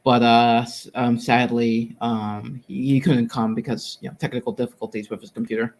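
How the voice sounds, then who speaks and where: A man hosts a relaxed interview, speaking in a halting way. He repeats words and fills pauses while searching for what to say next. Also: medium pitch. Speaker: interviewer, host. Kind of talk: casual interview chat.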